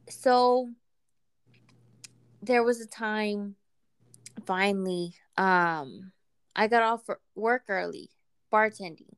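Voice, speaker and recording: A woman casually telling a personal story in a relaxed, chatty way, sometimes acting out what people said. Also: mid-range voice, slow, pauses often, clear, resonant tone. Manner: relaxed, chatty, acts out quoted voices.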